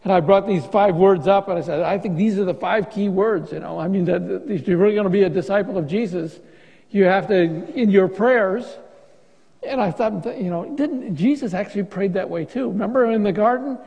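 High-voiced pastor preaching in a reverberant church. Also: male voice, fairly quick, gravelly, mellow. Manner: conversational, joking preaching with restarts. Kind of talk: sermon.

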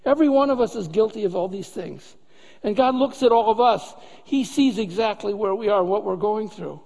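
High-voiced man preaching in a reverberant hall. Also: a little fast, vocal fry, darkish tone. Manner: conversational preaching with rhetorical questions. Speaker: pastor. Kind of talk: sermon.

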